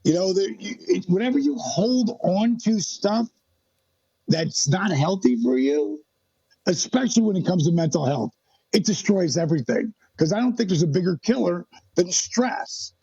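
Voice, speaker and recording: A man telling a story as a podcast guest, animated and acting out the dialogue he quotes. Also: sits high, moderate pace, husky, dry recording, lo-fi sound.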